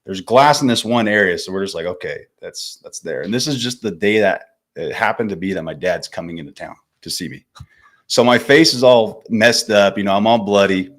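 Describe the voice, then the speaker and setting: A man's voice: fairly low pitch, brisk, a bit bright. A man in his twenties from California, a podcast guest telling stories in a laid-back, slangy way, calling the host man and bro. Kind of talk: casual storytelling interview.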